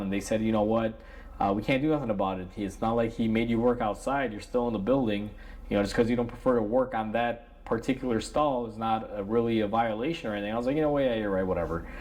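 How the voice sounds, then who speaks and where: A man telling a casual vlog story about his work as a mechanic, frank and animated, acting out what others said. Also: medium pitch. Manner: frank, animated retelling with many fillers. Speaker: mechanic vlogger.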